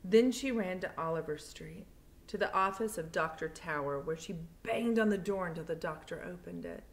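A young woman teacher chatting playfully with her students, then reading a novel aloud to them in steady narration. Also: lowish voice, normal speed, vocal fry.

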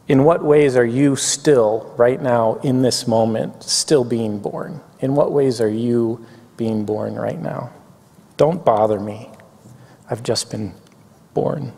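A man preaching a chapel sermon, reading poetry slowly and reflectively, getting a little weepy. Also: medium pitch, gravelly, dark tone. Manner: reflective, reads poetry slowly, tearful at times. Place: campus chapel. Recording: long hall reverb.

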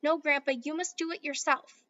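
A woman reading a storybook aloud, voicing an eager, polite young boy who speaks in a hushed, earnest way. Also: high-pitched, fairly even intonation, moderate pace, dull audio, voice pushed up.

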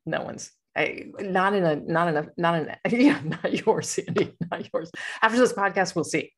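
Speaking at a moderate pace in a fairly low pitch, this podcast host keeps things casual. She rambles playfully and laughs frequently.

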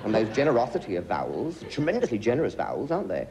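A man's voice: mid-range voice, huge pitch swings, fast, heavy background noise. A man in his fifties telling anecdotes as a chat show guest, theatrical, acting out the people he quotes. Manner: theatrical, swooping voice, acts out quotes. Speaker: guest comedian. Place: television studio.

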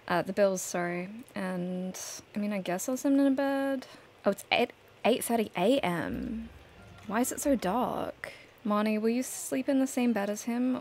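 Woman, casual gameplay narration, chatty storyteller, average pitch, faint background noise. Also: creaky, a little mellow. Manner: chatty, storytelling, laughs now and then. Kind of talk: casual let's-play narration.

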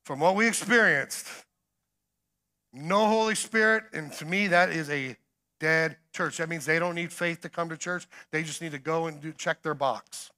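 Man, preacher, sermon, bright forceful voice, fairly high, shouts then hushes. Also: normal speed. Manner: emphatic, swings between shouting and hushed storytelling. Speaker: guest preacher.

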